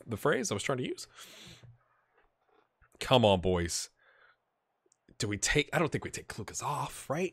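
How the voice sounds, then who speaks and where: A man hosting a gaming channel, giving excitable let's-play commentary, cheering on his players and thinking out loud. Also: a little high, creaky, no room sound, studio quality. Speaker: video game channel host.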